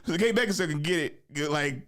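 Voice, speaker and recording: A man hosting a podcast in animated, profane casual chat, laughing often. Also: on the high side, fairly quick. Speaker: podcast host.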